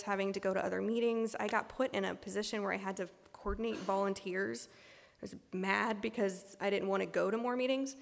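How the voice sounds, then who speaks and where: A woman with a gravelly, fry-edged voice speaks frankly and with self-mockery about her own past, circling back with fillers and restarts as she tells her recovery story. Her voice rings out with a long hall reverb behind it. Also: mid-range voice. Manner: candid and self-deprecating, many ums and restarts. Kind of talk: personal testimony talk.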